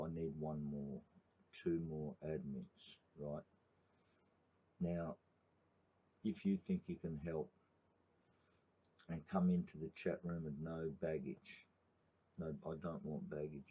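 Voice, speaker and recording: A man's voice: rumbling low, dark tone, muffled recording. A middle-aged man with an Australian accent, talking in a rambling late-night livestream monologue to his channel, with plenty of fillers and swearing. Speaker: activist channel host.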